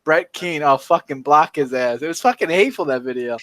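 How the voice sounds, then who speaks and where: A man's voice: on the high side, animated, brisk, fairly bright tone. A man in profane casual chat on a stream, telling crude, heated stories and laughing through his rants.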